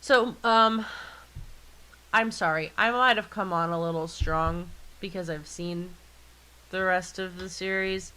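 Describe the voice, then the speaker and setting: Bright, profane woman podcast co-host. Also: lowish voice, steady tone, unhurried, clean tone, low-quality recording. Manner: blunt and profane, swears freely. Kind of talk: casual podcast chat.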